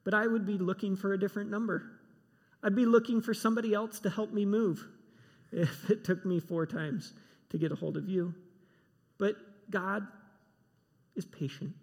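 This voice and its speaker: A man's voice: high voice, fairly even intonation, normal speed, long pauses. A man preaching a sermon, emphatic and given to repeating himself. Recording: long hall reverb.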